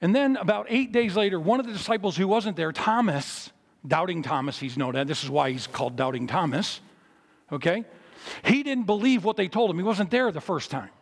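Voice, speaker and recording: A man preaching in a chapel in a fairly high voice with a gravelly, husky grain. He tells the story in an animated way, rising loud and then falling low and quiet. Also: brisk, in a large hall. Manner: animated storytelling with big swings in pitch and loudness. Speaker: pastor. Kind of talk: sermon at a memorial service.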